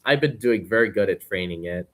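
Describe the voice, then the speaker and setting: A man's voice: lowish voice, animated, brisk, fairly bright tone. A young man talking casually as a podcast guest, earnest and rambling with plenty of fillers. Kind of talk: casual conversation.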